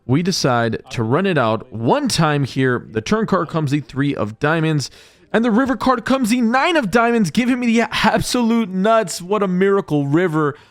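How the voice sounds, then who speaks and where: A man's voice: high voice, sing-song, normal speed, no echo. A man narrating his poker hands as a vlog voice-over, upbeat and jokey in a play-by-play way. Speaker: poker vlogger. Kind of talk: voice-over hand recap.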